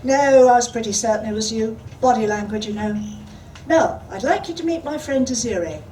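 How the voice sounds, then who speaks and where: A woman's voice: a little high, a little fast, warm tone, echoey room, natural voice. A woman reads a confident, flirtatious woman who teases freely. The voice is lifted and projected, and it is picked up from across the room with noise behind it. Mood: playful. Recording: distant mic with background noise.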